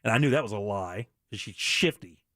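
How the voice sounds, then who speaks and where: A middle-aged man hosts a radio show, delivering a candid monologue in an earnest, blunt manner with many restarts. His low voice is expressive and a bit bright, he talks a little fast, and the recording is clean studio sound with no room tone.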